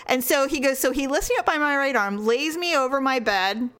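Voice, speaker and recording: A woman co-hosting a casual chat, telling a story in an animated way, laughing often and acting out what others said. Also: high-pitched, brisk. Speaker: podcast co-host.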